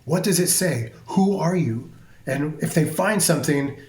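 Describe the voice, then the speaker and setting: A man's voice: a little high, expressive, a little slow, a little mellow. Intense, swearing man in a roomy echo. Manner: intense, emphatic, swears freely. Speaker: hairstylist guest. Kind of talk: podcast conversation.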